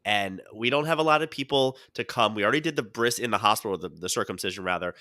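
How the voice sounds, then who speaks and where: A man co-hosting a casual podcast, telling stories in an animated way and slipping into quoted voices. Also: fairly low pitch, fast talker, dry recording, clean studio sound. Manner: animated storyteller who jumps into quoted voices. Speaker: podcast co-host.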